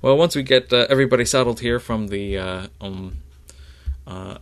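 A man voicing a male Jedi battle master who teases new recruits and then reassures them, talking in a halting, reassuring way. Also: mid-range voice, clear, resonant tone, lightly acted. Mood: friendly.

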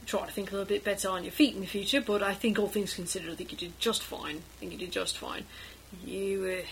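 A woman narrating a tabletop role-play and voicing its characters, moving between calm narration and loud, raised in-character lines. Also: mid-range voice, slight background noise. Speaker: game master and player.

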